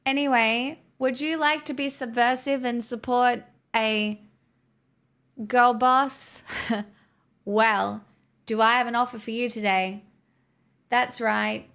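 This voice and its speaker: A woman's voice: on the high side, fairly even intonation, takes it slowly, pauses often, fairly bright tone, smooth. A woman livestreamer chatting casually with her viewers, using sarcastic, mock-corporate girlboss patter.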